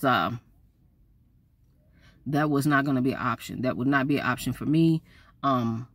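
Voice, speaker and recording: A woman, telling a story to her viewers in a chatty, animated way. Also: extremely low pitch, slightly rough, dry recording. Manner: lively, chatty, talks straight to viewers.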